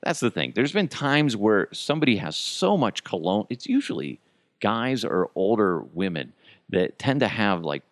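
A middle-aged man hosts his podcast alone, airing everyday gripes in a loose, profane rant full of chuckles. His voice sits on the low side but leaps up and down expressively. The sound is close and dry, with no room around it. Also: a bit bright, no echo. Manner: profane, chuckling, exasperated venting. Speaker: podcast host. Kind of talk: casual ranting monologue.

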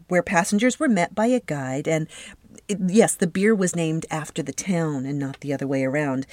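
A woman's voice: fairly low pitch, no room sound. A woman hosting a solo podcast, telling a story in a chatty, enthusiastic way with casual fillers. She is from Southern California. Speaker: podcast host.

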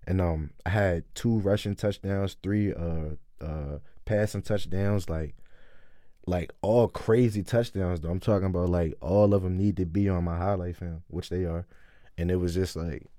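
A young man telling a story in a casual interview, excitedly acting out quotes. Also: deep voice, normal speed, dry recording, clean studio sound. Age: young adult. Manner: animated storyteller, acts out quotes loudly. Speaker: interview guest, college football player.

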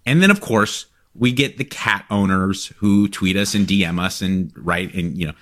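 A man co-hosting a podcast, chatting casually in an excitable, joking way with frequent restarts. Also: deep voice, moderate pace. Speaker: podcast co-host. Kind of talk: casual chat.

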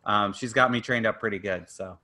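Bright-voiced, stammering man on a podcast. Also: lowish voice, brisk. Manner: stammering restarts, wry and blunt. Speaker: podcast co-host. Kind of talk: casual sports chat.

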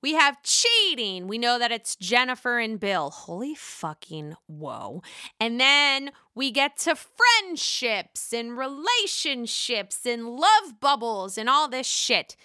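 Excitable Pittsburgh woman gossiping, bright voice. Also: fairly high pitch, slow pace, few pauses, clear, resonant tone, dry recording, clean studio sound. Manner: excitable, profane and gushing. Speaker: host. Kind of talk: casual reality-TV gossip commentary.

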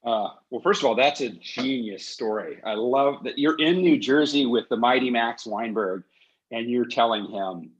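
A man's voice: medium pitch, moderate pace, slightly rough, dull audio. A man hosting a podcast, telling long digressive stories in casual chat. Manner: animated storyteller, digressive. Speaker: podcast host.

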